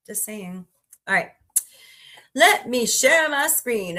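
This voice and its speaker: A woman's voice: a little high, expressive, slow, pauses often, bright, forceful tone. A woman hosting a casual livestream, chatting, greeting viewers by name and rambling through asides. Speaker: livestream host.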